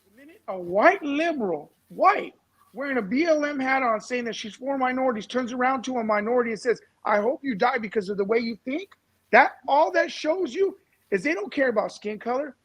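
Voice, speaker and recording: A man on a talk-show panel, telling a story in an animated way. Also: extremely high pitch, brisk, husky, low-quality recording. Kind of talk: casual talk-show discussion.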